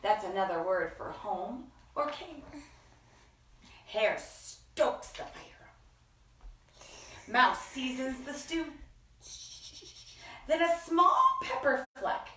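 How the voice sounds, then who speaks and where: A woman hosting a children's story time, reading picture books aloud in an expressive sing-song way with gasps and acted voices. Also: high-pitched, slow, long pauses. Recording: echoey room, from far off.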